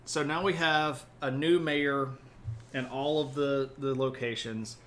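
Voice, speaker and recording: Man, history stream host, casual and joking, chatty asides, mid-pitched voice, faint hiss behind. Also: steady tone, slow pace, fairly bright tone. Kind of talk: casual livestreamed history talk.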